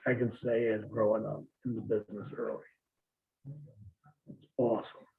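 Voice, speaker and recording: A man's voice: fairly low pitch, little pitch movement, normal speed, creaky. Profane storytelling man on a tinny line. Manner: profane, laid-back storytelling with laughs. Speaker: guest, former wrestler. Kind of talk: casual storytelling interview.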